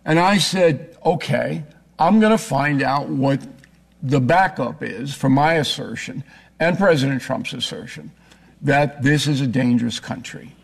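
A man making a forceful, argumentative case in a heated political debate, often cutting in. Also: mid-range voice, a little slow, vocal fry. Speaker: political commentator.

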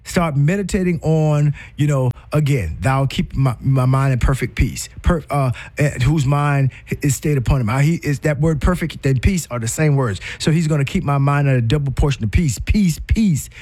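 Male preacher, higher voice, conversational sermon delivery with emphatic rises and repeats. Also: normal speed, few pauses, darkish tone.

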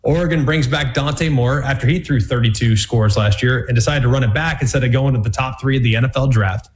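A man's voice: mid-range voice, a little fast, a little hiss or hum. A man hosting a college football analysis show, talking in a punchy, emphatic way with plenty of repetition. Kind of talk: sports commentary show.

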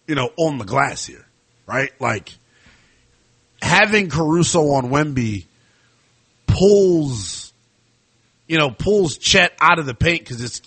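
A man's voice: medium pitch, dry recording. A man hosting a sports talk show, chatting casually with lots of fillers. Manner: conversational, animated, lots of fillers.

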